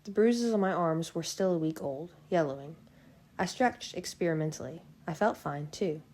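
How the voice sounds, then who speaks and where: A woman reading a novel aloud in the first person, in a steady, unhurried way. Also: low-pitched. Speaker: fan audiobook reader.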